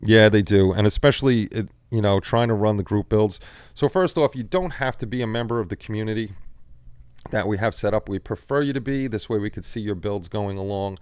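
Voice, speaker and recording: Male livestream host, low smooth voice, rambling casual chat with viewers, dry close sound. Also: a little fast, darkish tone, no echo. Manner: rambling, repeats words, reads chat aloud.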